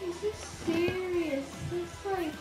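A woman's voice: very high-pitched, takes it slowly. A woman giving casual game commentary, rambling and exasperated, with lots of filler words. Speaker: gamer. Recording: roomy echo with game music. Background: game music.

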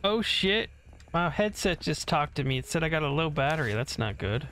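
A man's voice: on the high side, big pitch swings, moderate pace, music in the background. A man casually commentating his own gameplay, rambling, swearing freely and humming to himself as he plays, on a desk mic. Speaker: gaming channel host. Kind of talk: casual let's-play commentary. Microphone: desk mic separate from headset.

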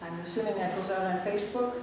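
Woman pastor, calm and measured, recorded from a distance in a roomy church with a long reverb. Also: medium pitch. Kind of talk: prayer and church announcements. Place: church sanctuary. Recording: echoey church hall, distant mic, faint noise.

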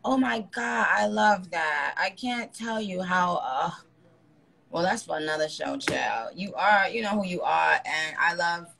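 A woman's voice: on the low side, animated, a little slow, vocal fry, pushed and bright, slight background noise. A woman hosting a phone live stream, chatting casually and teasing her guest in a blunt, profane way.

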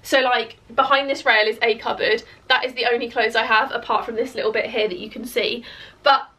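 Woman vlogger, high and bright, croaky voice, chatty with "like" fillers. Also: fairly even intonation, a little fast. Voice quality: chatty, filler-heavy with lots of "like". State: croaky voice cracking from hiccups. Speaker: fashion vlogger. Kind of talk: casual try-on haul chat. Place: bedroom beside a clothes rail.

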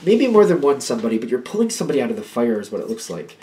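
A man giving a casual tarot reading. He talks in an animated, rambling way, repeating himself and acting out little pep talks. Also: medium pitch, rapid-fire, slight background noise. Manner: animated, acts out little pep-talk quotes; rambling, repeats and restarts phrases. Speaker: tarot reader.

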